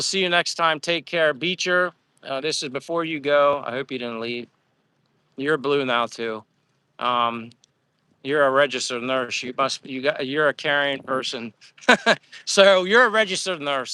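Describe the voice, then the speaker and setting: Guy rambling thru his live chat, bright and crisp, real dry close sound. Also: on the high side, dry recording. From Pennsylvania, USA. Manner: rambling, grateful, stumbles over names. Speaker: expat vlogger reading live chat. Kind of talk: casual live-stream chat while walking. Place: outdoors in a Philippine town.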